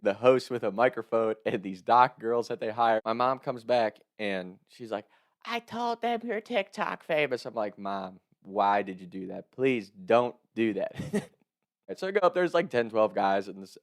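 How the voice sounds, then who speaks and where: A young man in his twenties casually telling a funny story to camera, animated, laughing and swearing often. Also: fairly low pitch. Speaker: content creator telling a story.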